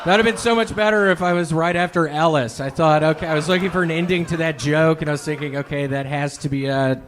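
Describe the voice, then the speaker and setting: Deadpan comedian with a high voice. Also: male voice, fast, slight background noise. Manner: deadpan, absurd one-liners. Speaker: stand-up comedian. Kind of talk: stand-up set and on-stage banter. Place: comedy club stage.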